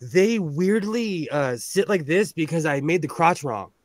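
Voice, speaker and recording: A man in his thirties with a somewhat high voice, talking casually and rambling along, poking fun at himself and laughing between thoughts. The sound is close and dry, with no room around it. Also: expressive, measured pace, no room sound. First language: English. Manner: rambling, self-mocking, laughs often. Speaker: co-host. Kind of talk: casual chat.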